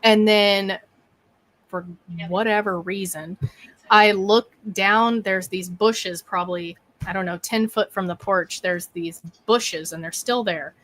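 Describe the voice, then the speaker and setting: A woman, a guest on a podcast, telling a story with lively energy and acting out her own thoughts and quotes. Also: medium pitch, takes it slowly. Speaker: bigfoot researcher and podcast guest.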